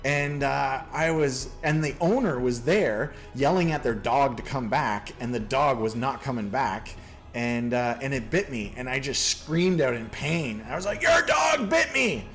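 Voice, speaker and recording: A man's voice: mid-range voice, unhurried, over music. A man from Canada hosting a casual chat, rambling through a story with lots of fillers. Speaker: podcast host.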